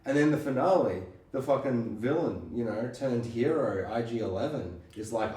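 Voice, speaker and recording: Animated man chatting in an echoey room. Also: medium pitch, distant mic. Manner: animated, acts out scenes in quick impressions, swears. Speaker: podcast co-host. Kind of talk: casual chat.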